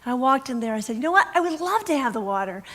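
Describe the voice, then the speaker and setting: Woman minister, high voice, middle-aged, animated storytelling sermon with laughter. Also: racing. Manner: animated, laughing, acts out dialogue.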